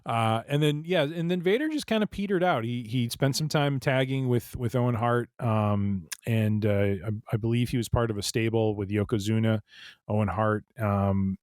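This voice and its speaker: A man's voice: medium pitch, moderate pace, a little mellow, clean tone, dry recording. A man co-hosting a casual podcast chat, rambling with lots of fillers and restarts. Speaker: podcast co-host.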